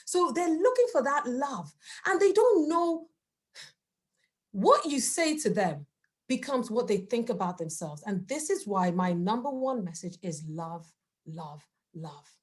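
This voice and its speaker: A woman's voice: fairly high pitch, lively intonation, a little slow, darkish tone. A woman giving a parenting talk, earnest and emphatic, asking the audience rhetorical questions. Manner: acts out quoted voices of children and parents. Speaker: parenting workshop speaker. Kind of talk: presentation talk with slides.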